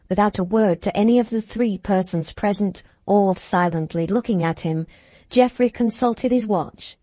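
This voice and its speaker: A woman reading a classic novel aloud in calm, even audiobook narration, at a middle pitch. The recording is dry and close, with no room sound. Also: moderate pace, no room sound.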